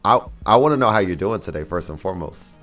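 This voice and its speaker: A man's voice: low voice, animated, fast talker, fairly bright tone, faint music behind. A man hosting a casual interview, joking and laughing easily, often restarting his sentences. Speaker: podcast host.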